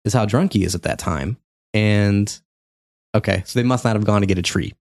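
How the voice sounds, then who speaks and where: A man in his forties casually recapping a video game for a podcast, telling the story with animated energy and frequent laughter. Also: lowish voice, a little fast, gravelly, dry recording, clean studio sound. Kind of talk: casual chat.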